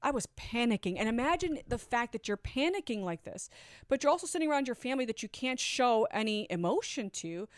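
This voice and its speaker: A woman in her forties telling her own story earnestly, swinging from loud urgency to hushed asides. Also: fairly high pitch, very animated, brisk, no room sound, studio quality. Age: 40s. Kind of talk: confessional storytelling.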